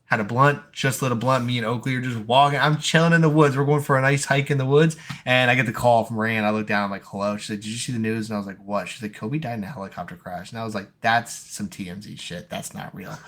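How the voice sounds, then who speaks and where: A young man co-hosting a casual sports podcast, telling animated stories and swearing freely. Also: mid-range voice, fast talker, few pauses. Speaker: podcast co-host.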